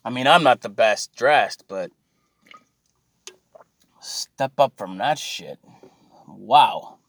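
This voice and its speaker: A man's voice: medium pitch, expressive, takes it slowly, a bit bright, no echo. Swearing man on a rant. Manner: swearing, mocking, exasperated rant. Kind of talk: profane ranting monologue.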